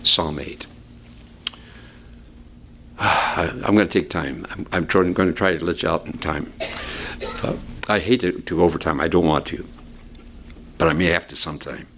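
A man's voice: unhurried, vocal fry, pauses often, a little hiss or hum. A male pastor preaching an expository sermon in a conversational way, explaining scripture with friendly asides. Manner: animated, sweeping pitch for emphasis.

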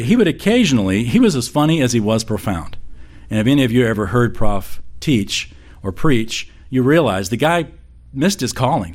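A middle-aged man preaching a sermon in a conversational, storytelling way, acting out quoted voices. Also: medium pitch. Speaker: pastor.

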